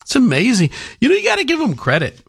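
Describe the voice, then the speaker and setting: A man's voice: very high voice, huge pitch swings, fast, vocal fry, fairly bright tone, husky. A man hosting a talk radio show, giving sarcastic, opinionated commentary. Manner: sarcastic, mocking.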